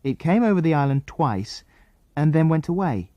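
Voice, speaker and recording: A male audiobook narrator reading a children's adventure story, expressive and animated, his pitch moving freely. His voice sits a little high for a man. The sound is close and dry. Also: normal speed, no room sound, highs cut off.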